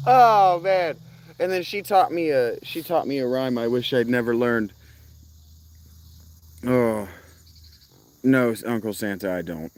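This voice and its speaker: Speaking at a measured pace with frequent pauses, this man has a mid-range, slightly dark voice. He's outside in rural country with crickets audible, casually rambling to live-stream viewers, interrupting himself and laughing frequently.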